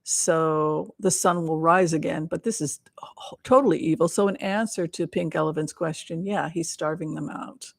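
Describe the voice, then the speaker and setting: A woman hosts a casual tarot reading livestream as a psychic, speaking at normal speed in a low voice with vocal fry. She's earnest and sometimes drops to near whispers.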